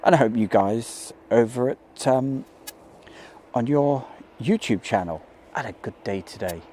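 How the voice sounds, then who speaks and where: A man's voice: medium pitch, a little slow, a little hiss or hum. A man, chatting casually as he hosts a live stream outdoors and greets viewers by name. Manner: chatty, reads out viewer names and greets them warmly. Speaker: livestream host. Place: outdoors by an airport.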